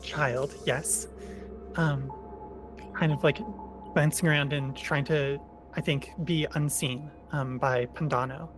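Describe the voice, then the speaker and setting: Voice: mid-range voice, fairly even intonation, takes it slowly, over music. A game master narrating a tabletop role-playing scene in a hesitant way with many fillers.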